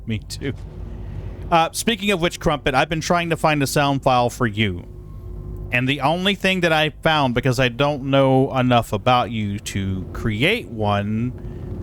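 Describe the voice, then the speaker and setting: A man's voice: medium pitch, fairly bright tone. Guy ranting on his stream, swears a lot, faint road noise behind him. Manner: profane, exasperated storytelling. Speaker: live streamer. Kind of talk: casual venting chat. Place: in a moving vehicle.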